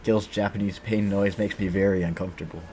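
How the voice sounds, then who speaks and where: A man's voice: low-pitched, fairly even intonation, a little fast, noisy background. A man streaming a game, chatting casually and rambling, joking and swearing freely as he plays. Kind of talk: casual gameplay commentary.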